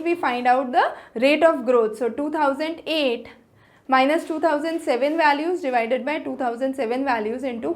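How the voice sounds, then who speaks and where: A woman tutor explaining exam answers in a methodical way, with an Indian English accent, going through each question step by step. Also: high voice.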